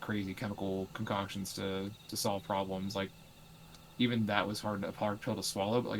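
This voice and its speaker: A man's voice: low-pitched, slight background noise, rough recording. A young adult man chatting casually while playing a game, rambling and opinionated with lots of filler words. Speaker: co-host of a let's play stream. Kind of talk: casual chat while gaming.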